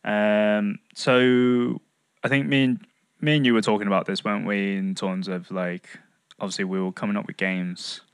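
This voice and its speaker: A man's voice: lowish voice, flat delivery, clean tone, dry recording, clean studio sound. A man, co-hosting a podcast in easygoing casual chat and leading the segment. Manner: easygoing, leads the segment with quick agreements. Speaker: podcast co-host.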